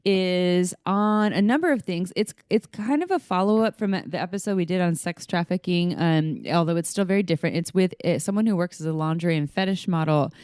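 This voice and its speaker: A woman co-hosting a casual podcast, chatty and quick to laugh, often restarting her sentences as she goes. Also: lowish voice, a little mellow, clear, resonant tone, no room sound, clean studio sound. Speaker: podcast co-host.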